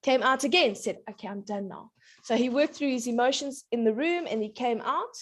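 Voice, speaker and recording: Chatty parenting coach woman, higher voice. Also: fairly quick. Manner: warm anecdotal, laughs often, acts out child voices. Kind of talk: casual talk show chat.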